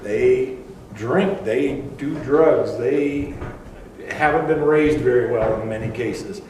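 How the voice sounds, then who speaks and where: A man's voice: medium pitch, slow, darkish tone, a little hiss or hum. An older man preaching a sermon in a conversational storytelling way, with asides and fillers. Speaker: pastor. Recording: echoey room, far from mic.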